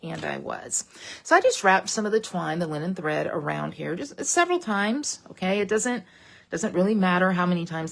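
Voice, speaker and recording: A woman's voice: on the low side, vocal fry, slightly rough. A woman demonstrating a papercraft project in a casual, folksy tutorial livestream, chatting straight to her viewers.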